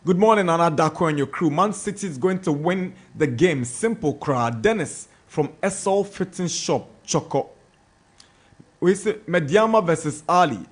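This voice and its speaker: A man with a Ghanaian English accent, hosting a sports radio show, reads out listener messages and adds quick comments. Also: fairly high pitch, animated, breathy edge. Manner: brisk, chatty, comments between messages. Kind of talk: reading listener messages on air.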